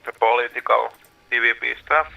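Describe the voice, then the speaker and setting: A man joining a game session remotely, asking flat, matter-of-fact questions. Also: mid-range voice, brisk, creaky, far from the mic, low-quality recording. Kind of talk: casual gaming chat.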